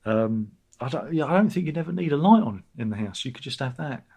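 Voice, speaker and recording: A man hosts a casual livestream from home, rambling and reading chat aloud with dry, sardonic asides. His voice is husky and of middling pitch. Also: animated, quick pace, darkish tone. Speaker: livestream host.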